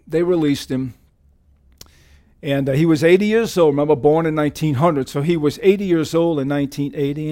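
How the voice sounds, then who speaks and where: Animated high-voiced male preacher. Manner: animated preaching with sudden pitch leaps and drops; reads scripture aloud with emphasis. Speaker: pastor. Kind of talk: sermon.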